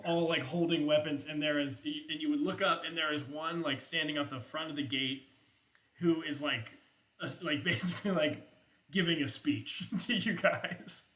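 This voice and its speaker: A man's voice: a little high, moderate pace, sharp tone. A man narrating as game master in a loose, rambling way, full of fillers and casual swearing. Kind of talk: improvised tabletop game narration.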